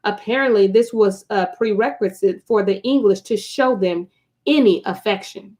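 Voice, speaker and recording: A woman's voice: mid-range voice, normal speed, a little mellow. A woman hosting a casual live stream, reading a book aloud to her viewers, chatty and prone to digressions and asides.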